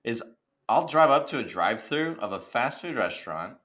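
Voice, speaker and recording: A man's voice: medium pitch, sing-song, normal speed, fairly bright tone. A man co-hosting a podcast, telling rambling funny stories in casual chat. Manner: joking, rambling storyteller. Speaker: podcast co-host.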